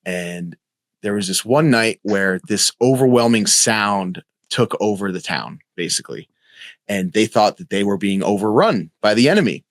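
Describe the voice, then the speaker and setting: A man with a somewhat low voice hosts a casual podcast chat, talking in quick, eager bursts and swearing freely. The recording is close and dry, with no room sound. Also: expressive, no echo.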